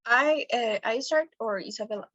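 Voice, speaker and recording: A woman's voice: a little high, normal speed, fairly bright tone, highs cut off. A woman student on a video call reading an English text aloud carefully and a little hesitantly.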